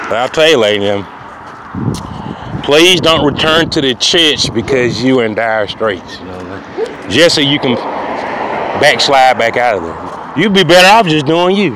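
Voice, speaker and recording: A man talking to camera in a long, rambling monologue outdoors, circling back to the same phrases and asking whether he's understood. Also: a little high. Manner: repetitive, keeps asking "you know what I mean". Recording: loud outdoor street noise.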